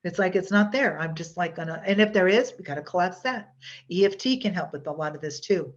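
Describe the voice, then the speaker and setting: A woman's voice: lowish voice, fairly quick. Chatty woman teaching a hypnosis workshop. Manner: chatty, rambling, many fillers and restarts. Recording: dull lo-fi online workshop audio.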